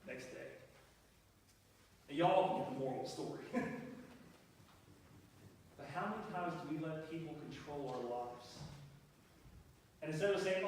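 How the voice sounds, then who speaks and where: A man's voice: fairly high pitch, a little mellow, slight background noise. A pastor in his forties giving a folksy, playful storytelling sermon in a church. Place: church sanctuary. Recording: echoey hall, mic far off.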